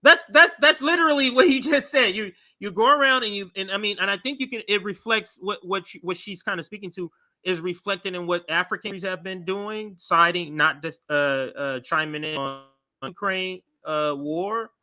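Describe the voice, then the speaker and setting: Male co-host, bright and tense tone, halting and thoughtful, casual talk. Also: high-pitched. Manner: hesitant, restarts with "I mean". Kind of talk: casual political discussion.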